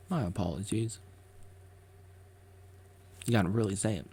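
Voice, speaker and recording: Slow, gravelly man rambling. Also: lowish voice, big pitch swings, a little mellow, slight background noise. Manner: rambling, repeats himself, jokes with himself. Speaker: vlogger. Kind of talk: rambling motivational monologue.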